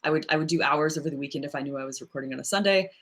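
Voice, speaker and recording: Woman with a low voice talking shop in an interview, laughs a lot, says like a lot. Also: very fast, a bit bright. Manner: thoughtful, laughs often, many "like" fillers. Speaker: voice actress guest. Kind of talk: casual interview chat.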